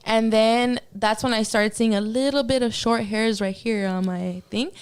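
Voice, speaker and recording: A woman's voice: fairly high pitch, fairly even intonation, moderate pace, clean tone. A woman guest on a podcast telling a personal story in casual, profane talk, acting out her own reactions as she goes.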